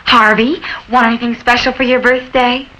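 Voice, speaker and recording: An actress playing an eager-to-please 1960s housewife in an old coffee commercial. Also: female voice, a little high, level tone, normal speed, pushed and bright, rough recording. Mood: earnest.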